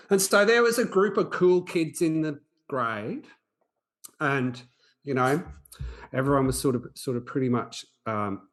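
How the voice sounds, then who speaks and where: A man, hosting a podcast and telling a personal story in an earnest, reflective way with frequent restarts. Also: medium pitch. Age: 40s. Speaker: podcast host.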